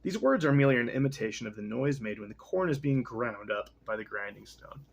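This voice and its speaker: A man's voice: mid-range voice, expressive, brisk, gravelly, background noise. A young man reading a text aloud and casually commenting on it, rambling, profane and often interrupting himself. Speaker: reader.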